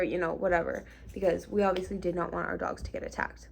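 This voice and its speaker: A woman's voice: lowish voice, big pitch swings, fairly quick, vocal fry. A young woman vlogger telling a casual storytime, chatty and full of likes and ums. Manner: chatty, lots of likes and ums, half-laughing.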